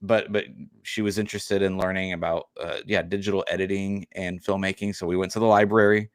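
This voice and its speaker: A man with a fairly low voice co-hosts a casual parenting podcast. He rambles through stories with lots of fillers and restarts. The recording is dry and close. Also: little pitch movement, fairly quick, no room sound. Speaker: podcast co-host. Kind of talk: casual chat.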